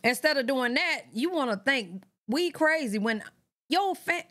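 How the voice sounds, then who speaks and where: Slow-talking woman giving blunt reaction commentary. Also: high-pitched, lively intonation, a bit bright. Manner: blunt, profane, laughing asides. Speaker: reaction channel host.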